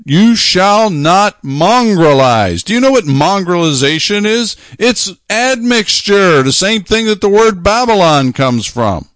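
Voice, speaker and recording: A man preaching a sermon, talking emphatically, repeating phrases and slowing down to stress his points. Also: high-pitched, big pitch swings, a bit bright, no room sound, clean studio sound.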